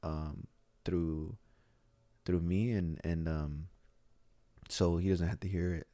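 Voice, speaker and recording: Low-voiced middle-aged guy, gym owner, rambly chat, dry close sound. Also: fairly even intonation, takes it slowly, mellow, no echo. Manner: rambling storyteller with many restarts. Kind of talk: casual podcast conversation.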